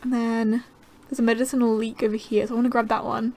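A young woman giving casual, excitable gameplay commentary, gasping and chattering to the creatures on screen. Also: a little high, fast. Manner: bubbly, gasping, easily excited. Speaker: gaming channel host.

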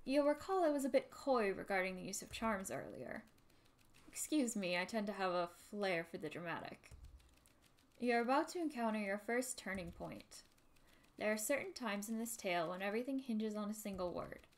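A woman's voice: mid-range voice, animated, normal speed, close to an everyday voice. A woman voicing a theatrical game narrator who speaks to the reader. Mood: dramatic. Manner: dramatic, addressing the reader. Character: theatrical storyteller narrator, grand. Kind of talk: reading game narration aloud.

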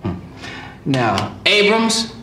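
An actor playing a formal male high school English teacher who takes the class roll in a clipped way. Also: big pitch swings, very slow, bright, forceful tone, reverberant, far from the mic, slight background noise, heavily acted.

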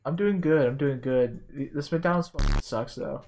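A man's voice: fairly high pitch, moderate pace, darkish tone. A man in his twenties chatting casually while gaming, joking and laughing often. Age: 20s. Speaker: gamer in a voice chat.

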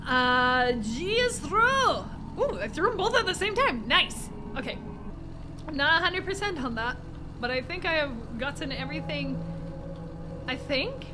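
A woman's voice: high voice, sing-song, measured pace, noisy background. A young woman streaming a horror game live, giggling and reading the game's dialogue aloud in a playful way. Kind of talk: live gameplay commentary.

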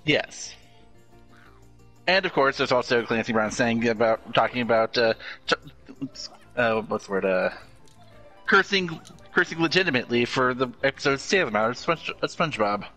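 A man's voice: mid-range voice, animated, moderate pace, long pauses, sharp tone, soft background music. A man chatting as a co-commentator on a let's-play, cracking goofy jokes and quips. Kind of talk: casual let's-play chat.

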